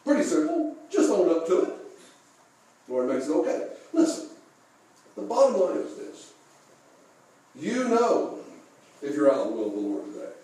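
Guy pastor preaching, kinda high voice, laughs along w his own stories, big echo, mic far away. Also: wildly swooping pitch, normal speed, long pauses, warm tone. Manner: folksy storytelling with chuckles and rhetorical questions. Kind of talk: sermon. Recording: echoey room, mic far off.

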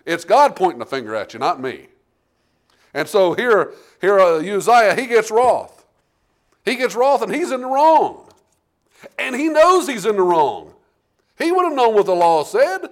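A man preaching a sermon, reading King James scripture and calling out to the congregation, with big swings between loud and quiet. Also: sits high, a little slow. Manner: animated preaching with big swings in loudness, asking the congregation "Amen?".

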